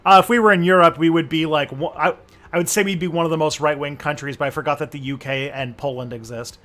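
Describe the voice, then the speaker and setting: A man's voice: on the high side, steady tone, fast, a bit bright. A Canadian man co-hosting a casual political chat, rambling and restarting as he thinks aloud. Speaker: co-host.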